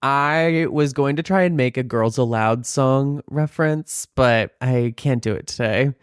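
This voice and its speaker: Male podcast co-host, camp and profane, clear resonant tone, dry sound. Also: medium pitch, measured pace, dry recording. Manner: theatrical, profane, joking. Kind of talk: casual chat.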